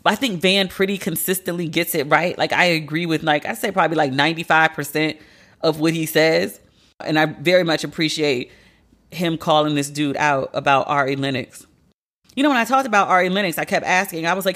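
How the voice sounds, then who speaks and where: A woman hosting a podcast, giving candid, profane commentary with sharp swings of pitch for emphasis. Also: fairly quick. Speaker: podcast host. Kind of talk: casual commentary monologue.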